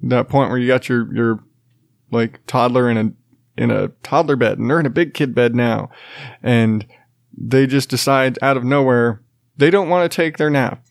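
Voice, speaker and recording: A man's voice: mid-range voice, normal speed, creaky, no room sound, studio quality. Tired, rambling man in his thirties. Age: 30s. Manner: rambling, self-interrupting, laughs often, swears casually. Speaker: podcast host and father. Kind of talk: casual chat.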